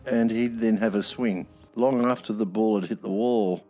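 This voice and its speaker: A man's voice: fairly low pitch, fairly even intonation, moderate pace, mellow, faint music behind. A man, a former prison officer telling stories bluntly, swearing freely, with wry humor. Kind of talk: anecdotal storytelling.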